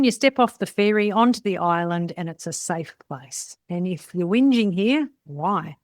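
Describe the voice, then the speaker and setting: Middle-aged aussie woman talking salon team stuff, fairly low voice, dry close sound, blunt and chatty. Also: animated, unhurried, few pauses, no room sound. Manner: chatty, blunt, tags sentences with "right?". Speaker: salon business mentor. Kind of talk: casual coaching talk.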